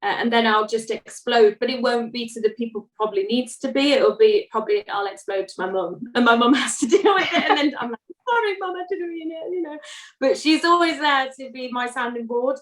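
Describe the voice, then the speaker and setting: A woman's voice: on the high side, fairly quick, a bit bright. A woman singer chatting as an interview guest, laughing often and poking fun at herself. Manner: chatty, laughing, self-deprecating. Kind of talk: casual interview chat. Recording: roomy sound, distant from mic.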